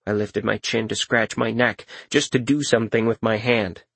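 A man reading a first-person audiobook in a measured, wry manner. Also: lowish voice, steady tone, creaky, a bit bright, breathy edge, no echo. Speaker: narrator.

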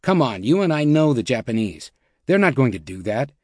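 A man's voice: medium pitch, very animated, a little fast, a little mellow, dry recording, studio quality. A man reading as a stern, skeptical official.

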